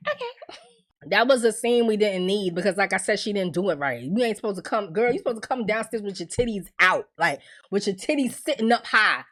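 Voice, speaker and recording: A woman casually recapping a TV episode, profane and laughing often, acting out characters' lines in quick impressions. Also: mid-range voice, expressive, fairly bright tone. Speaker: TV recap host.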